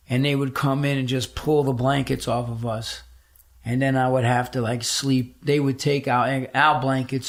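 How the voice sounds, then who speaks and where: Gravelly middle-aged man telling a blunt story. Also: mid-range voice. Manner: blunt, profane, emphatic storyteller. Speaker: podcast guest. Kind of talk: casual interview storytelling.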